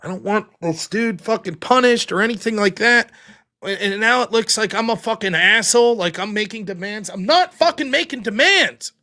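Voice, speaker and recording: A man's voice: high-pitched, animated, normal speed, pushed and bright. A man hosting a livestream, venting in a casual, exasperated way with plenty of swearing and reading out viewer donations. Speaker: livestream show host.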